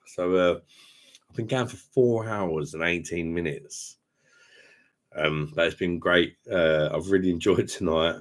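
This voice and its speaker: A man's voice: low voice, measured pace. A tipsy man, chatting casually and rambling through a beer live stream at home, matey and swearing freely. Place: home room with sound panels.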